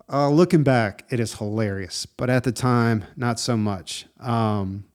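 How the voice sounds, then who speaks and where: A man's voice: mid-range voice, normal speed, few pauses. Laid-back man telling a story. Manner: animated and conversational, with frequent "dude" and "man", laughs at himself. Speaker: podcast host. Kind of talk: casual storytelling.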